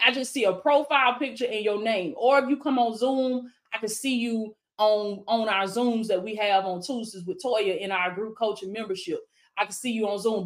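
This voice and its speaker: A woman life coach on a live stream, fervently repeating affirmations, calling viewers baby and answering them by name like a preacher. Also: fairly high pitch. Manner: preacherly call-and-response with viewers.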